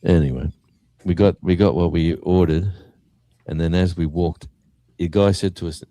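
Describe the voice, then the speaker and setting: In casual chat, an Australian guest musician relates a story, bringing the quoted lines to life in an animated way. He has a low voice and a moderate pace, captured in a dry recording.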